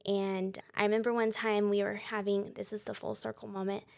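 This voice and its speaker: A young woman, sharing her faith testimony as a guest in a conversational interview. She is a lively storyteller who laughs often and acts out the dialogue she quotes. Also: mid-range voice, fairly quick, vocal fry. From Texas.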